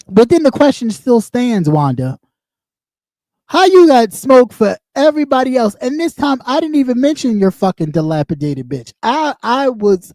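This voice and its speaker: A man's voice: high-pitched, mellow, no room sound, clean studio sound. A man ranting on a livestream, mocking and heated, swearing constantly. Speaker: livestream host. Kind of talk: profane livestream rant.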